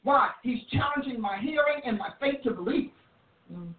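A woman's voice: high voice, animated, normal speed. A woman preacher teaching a sermon in an emphatic manner, with frequent restarts. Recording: roomy, distant, phone-like audio.

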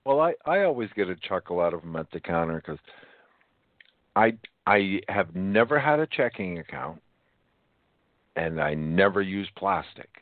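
A man's voice: sits low, sing-song, normal speed, long pauses, no echo. A man chatting casually on a talk show, laid-back and chuckling as he tells a small anecdote. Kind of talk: casual chat. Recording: dry tinny phone line.

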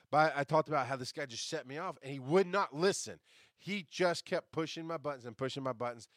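A man hosting a podcast, telling a story in a casual monologue, jumping between loud outbursts and quiet asides and swearing as he rants. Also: medium pitch, brisk, no room sound, clean studio sound. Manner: swears casually while ranting. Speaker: podcast host.

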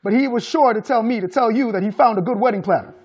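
A man's voice: very high-pitched, quick pace, darkish tone, husky, pitched above the performer's own voice. Man voicing a curt man walking out. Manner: curt and cutting. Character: blunt man in his thirties walking out.

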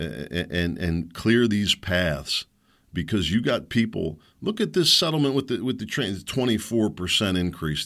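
A middle-aged man rants on his own show, indignant and combative. His fairly low voice swings widely in pitch as he gets worked up. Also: fairly bright tone. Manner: heated, indignant, mocks others in put-on voices. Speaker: show host. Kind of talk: ranting monologue.

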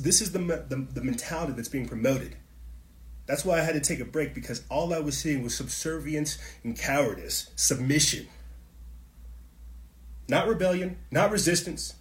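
A man's voice: fairly high pitch, roomy sound. A man hosting his own channel, giving a heated, repetitive monologue straight to his viewers. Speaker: channel host. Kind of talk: impassioned monologue to camera.

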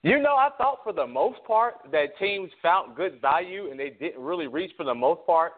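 A man's voice: on the high side, expressive, normal speed. A man co-hosting a casual sports talk show, a little out of breath, rambling and repeating himself with laughs. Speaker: co-host. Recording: tinny phone line.

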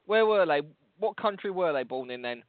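A man's voice: a little high, expressive, normal speed, dry recording. A man with a London accent co-hosting a podcast, teasing and swearing in rambling casual banter. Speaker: podcast co-host. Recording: tinny phone-like line, dry.

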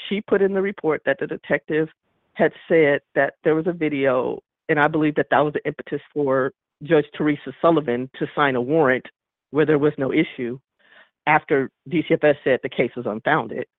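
A man's voice: on the high side, no echo. A man calling in to a radio show, telling his story emphatically and acting out the dialogue. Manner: indignant, emphatic, acts out quoted dialogue. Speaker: caller. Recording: tinny phone line, dry.

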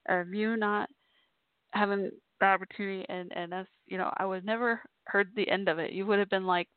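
A woman's voice: medium pitch, fairly even intonation, a little fast, clean tone, no echo. A woman telling a personal story to her listeners in a chatty way, laughing often. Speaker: podcast host. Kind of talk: casual storytelling monologue. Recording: tinny phone-like sound, dry.

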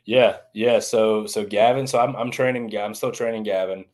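A man in his thirties answers interview questions in an earnest, reflective way. His voice sits very low. He speaks in an even, level tone. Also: moderate pace. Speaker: baseball trainer and former strength coach. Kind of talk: casual interview talk.

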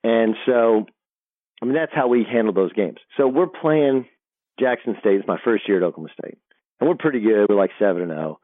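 Middle-aged guy, lowish voice, animated storyteller, tinny dry phone line. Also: brisk, dry recording. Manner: animated storyteller, frequent restarts. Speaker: guest, sports broadcaster. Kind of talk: storytelling interview.

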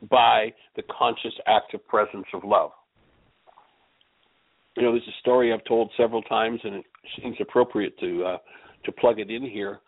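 A man teaching about love and healing in a measured, earnest way, telling a story to make his point. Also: fairly low pitch, breathy edge, no echo. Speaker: radio show host and healing teacher. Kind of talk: spoken teaching with a told story. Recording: tinny phone-like line.

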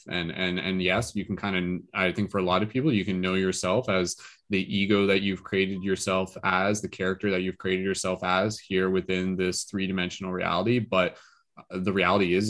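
A man hosting a group discussion podcast, talking in a relaxed, rambling way with many fillers. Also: low-pitched. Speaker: podcast host leading a dream discussion.

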